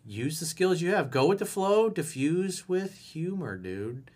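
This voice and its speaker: A man's voice: on the high side, big pitch swings, measured pace, darkish tone. Blunt, profane male relationship coach. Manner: blunt, profane, emphatic advice; reads viewer questions aloud, then replies. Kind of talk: answering a viewer email on video.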